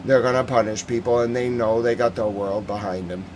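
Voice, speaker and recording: Male stream host, mid-pitched voice, heated and emotional commentary, reads chat aloud. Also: steady tone, a little fast, a little mellow, slight background noise. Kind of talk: live-stream news commentary.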